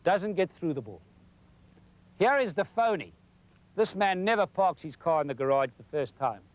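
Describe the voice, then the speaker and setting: A man's voice: high-pitched, sing-song, moderate pace, highs cut off. A man giving a folksy golf lesson for television, demonstrating as he talks. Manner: folksy, demonstrating while talking. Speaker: golf instructor. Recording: 1990s television broadcast.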